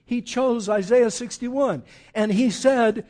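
A man's voice: on the high side, expressive, a little slow, a little mellow. An older man, a pastor, preaching a sermon in an emphatic, conversational way with casual asides.

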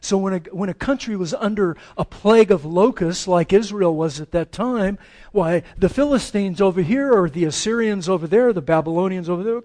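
An American man, a pastor, preaching a dramatic sermon, swinging between loud pleading and slow hushed reading. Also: high-pitched. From United States. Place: church sanctuary.

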